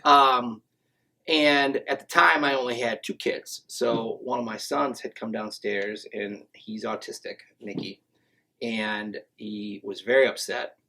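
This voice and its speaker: A man's voice: medium pitch, unhurried, low-quality recording. A man guest on a podcast, telling stories in a casual, joking, self-mocking way. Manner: joking, self-mocking, deadpan tall tales. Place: podcast studio.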